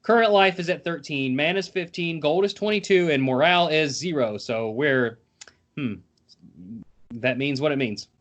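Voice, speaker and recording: A man's voice: a little high, moderate pace, fairly bright tone. A man hosting a podcast, chatting loosely and reading out a text-based role-playing game while swearing casually. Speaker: podcast host and game narrator.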